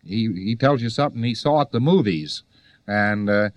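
A man's voice: on the low side, expressive, normal speed, no echo. Wry male lecturer, dry sound. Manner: conversational, rhetorical questions, wry asides. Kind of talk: recorded lecture to students.

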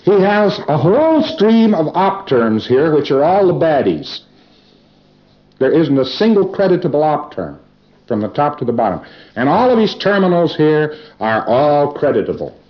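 A man's voice: a little high, big pitch swings, normal speed, muffled recording. A man giving an informal lecture to a class, rambling in a folksy way with asides and chuckles. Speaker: lecturer reviewing students' work.

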